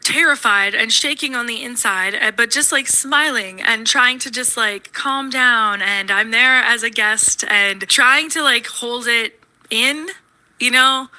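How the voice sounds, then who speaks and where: A woman recounts a scary personal experience, talking fast and snarkily with lots of "like"s. Her voice sits a little high and sounds very bright and sharp. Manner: fast, breathless retelling full of "like"s; snarky, shaken. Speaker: storyteller in a played video. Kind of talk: personal storytelling.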